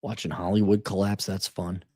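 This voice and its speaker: A man's voice: low-pitched, little pitch movement, normal speed, darkish tone, no room sound, studio quality. A tired man hosting a solo podcast, ranting with sarcasm and profanity. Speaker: podcast host. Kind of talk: casual solo podcast rant.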